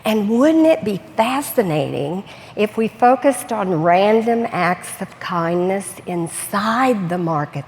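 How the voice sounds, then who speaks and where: An encouraging woman interviewer speaks slowly and calls her guest darling. Her voice rings in a reverberant hall. A faint hiss of ambience sits underneath. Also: mid-range voice, lively intonation, darkish tone.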